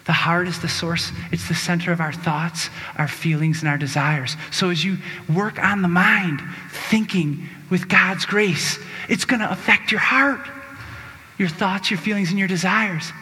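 High, bright-voiced exuberant male preacher. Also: a little slow. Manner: exuberant, exclamatory, leads crowd chants. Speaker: Catholic preacher. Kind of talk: sermon with call-and-response. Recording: long reverb of a large hall.

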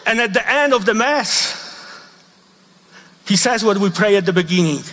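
High-voiced priest with Polish accent. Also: male voice, expressive, pushed and bright. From Poland. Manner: emphatic, repeats quoted lines slowly, non-native grammar. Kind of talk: sermon with personal testimony. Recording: long reverb of a large hall.

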